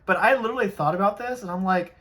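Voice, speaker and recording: A vlogger chatting casually while opening trading cards, rambling with frequent restarts and animated asides. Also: mid-range voice, fast. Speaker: card-collecting vlogger.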